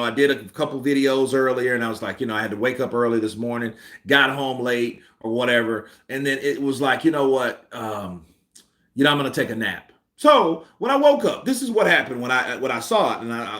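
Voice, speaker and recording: A man's voice: medium pitch, brisk, bright, forceful tone. A man hosting a boxing commentary stream, venting heatedly with emphatic repetition. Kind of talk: ranting live-stream commentary.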